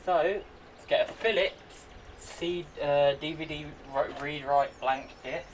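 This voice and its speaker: A man chatting to himself and his viewers in an excitable way while he works on a computer at home. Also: fairly high pitch, slow. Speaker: vlogger. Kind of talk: casual running commentary while using a computer. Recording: voice a bit far from the mic, faint background noise.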